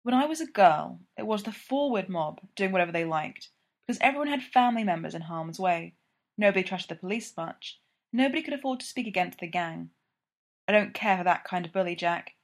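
A woman voicing a bold, flirtatious high-society lady detective, playful and teasing in her delivery. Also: big pitch swings, fairly quick. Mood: defiant.

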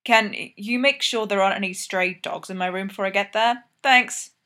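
Woman voicing a brisk joking male teammate. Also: mid-range voice, pushed and bright, close to an everyday voice.

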